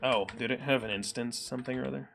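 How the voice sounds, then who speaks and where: A man's voice: medium pitch, fairly even intonation, fast talker, gravelly, a bit bright, faint music behind. A man with an American Midwest accent hosts a live coding stream, thinking aloud with lots of ums and reading chat messages aloud. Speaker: livestream programmer host.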